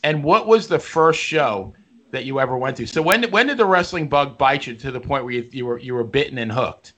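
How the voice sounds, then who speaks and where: Bright-voiced man co-hosting a talk show. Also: mid-range voice, expressive, fairly quick. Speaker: co-host. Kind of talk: casual radio chat.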